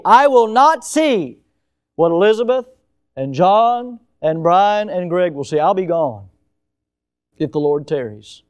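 A male pastor preaching a sermon with emphatic swings in loudness and pace, now and then putting on mocking high voices. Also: lively intonation, unhurried.

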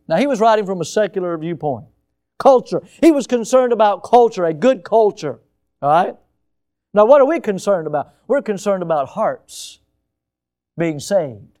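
A male pastor preaching a sermon with emphatic swings in loudness and pace, now and then putting on mocking high voices. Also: lively intonation, moderate pace.

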